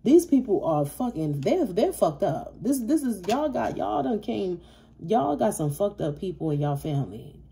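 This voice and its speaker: A woman's voice: mid-range voice, big pitch swings, normal speed, gravelly, dark tone, a little hiss or hum. Blunt, profane woman tarot reader. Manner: blunt, profane, repetitive and emphatic. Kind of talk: casual collective tarot reading.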